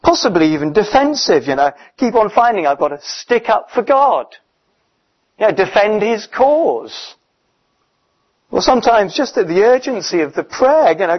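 A man preaching a sermon in a conversational, emphatic way, often pausing with fillers. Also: high voice, sing-song. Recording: dull, muffled recording.

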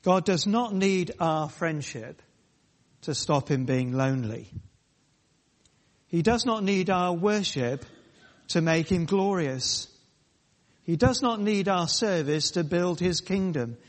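A man preaching a sermon, emphatic and repetitive, speaking in short, pausing phrases. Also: sits high, lively intonation, big-room sound.

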